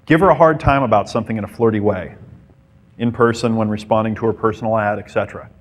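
A man's voice: fairly low pitch, fast. A man giving a playful dating-advice talk to a live group, acting out little scenes as he goes. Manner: playful, mimics women and acts out scenes. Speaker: dating coach.

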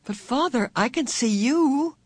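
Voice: medium pitch, lively intonation, a little slow, fairly bright tone, dry recording, voice pushed up. A narrator voicing a desperate, determined young teenage girl who pleads and cries out urgently in an audiobook. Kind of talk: audiobook character voice.

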